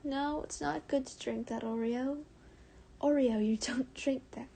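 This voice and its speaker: Young American woman, warm mellow tone, casual read-aloud streamer who stumbles, giggles and whispers now and then. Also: high voice, fairly even intonation, unhurried, gravelly, a little hiss or hum, low-quality recording. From United States. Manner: stumbles over words, giggles, drops into soft whispers. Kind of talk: reading fan fiction aloud on a livestream.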